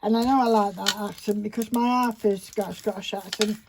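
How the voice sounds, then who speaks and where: Indoors at a craft table, a woman speaks a little fast in a medium-pitched voice with fairly even intonation. She rambles and talks to herself while showing a paper craft project in a casual tutorial chat, filmed on a phone camera amid faint background noise and crinkling paper.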